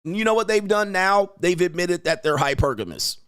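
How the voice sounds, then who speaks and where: A man's voice: sits high, animated, a little fast, fairly bright tone, clear, resonant tone, no room sound, clean studio sound. A man hosting a livestream, riffing in slangy talk, laughing often and mimicking people. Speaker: host and commentator. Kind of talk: livestream commentary.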